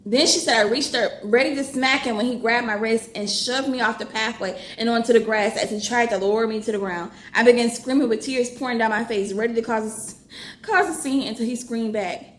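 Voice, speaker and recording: A woman's voice: a little high, fairly quick. A woman, chatting casually in a reading vlog, reading passages aloud and reacting with swearing and exclamations. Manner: animated, swears freely, bursts of laughter and exclamation. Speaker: book vlogger. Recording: echoey room with faint background noise.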